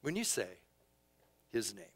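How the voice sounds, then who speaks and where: A man preaching a sermon as pastor, impassioned and conversational, swinging between loud outbursts and hushed asides. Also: lowish voice, big pitch swings, measured pace, slightly rough. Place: church sanctuary.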